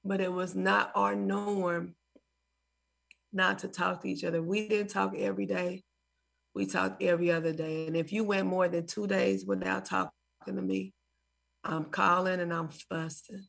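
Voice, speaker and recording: A woman's voice: mid-range voice, little pitch movement, moderate pace, creaky, a bit bright. A woman in her forties, a mother interviewed as a guest, telling stories and acting out phone calls with laughter.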